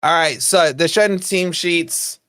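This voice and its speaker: A man's voice: fairly high pitch, normal speed, a bit bright, dry recording, studio quality. A man hosting a football watch-along stream, chatting, joking and mildly swearing to viewers. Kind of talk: casual live-stream chat and commentary.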